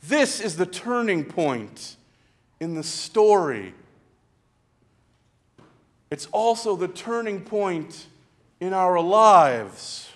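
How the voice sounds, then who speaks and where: Preaching a sermon, this man uses a high, animated voice with sweeping rises and drops in pitch. He takes his time, pausing often for drama, and lowers to a hush when he quietly retells moments for effect.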